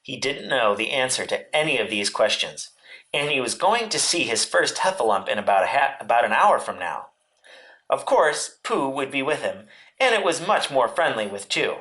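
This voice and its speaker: Lively man reading a storybook aloud. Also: mid-range voice, moderate pace. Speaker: teacher.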